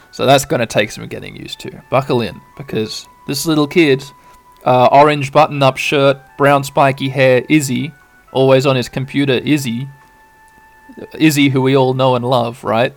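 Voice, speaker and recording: A man hosting a podcast, casually narrating a game playthrough in a relaxed, rambling way. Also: medium pitch, normal speed, creaky, soft background music. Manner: relaxed, rambling, with filler ums. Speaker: podcast host.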